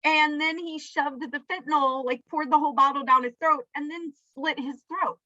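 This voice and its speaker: A woman's voice: sits high, steady tone, moderate pace, bright, forceful tone, no room sound, muffled recording. A woman co-hosting a casual movie-review podcast, sarcastic and nitpicky, laughing through her complaints. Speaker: podcast co-host.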